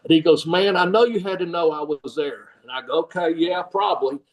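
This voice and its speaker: A man's voice: fairly high pitch, a little fast, far from the mic, poor audio. An older man, rambling through a story in a casual interview, laughing often and acting out the people he quotes. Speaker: guest, former pro wrestler and trainer.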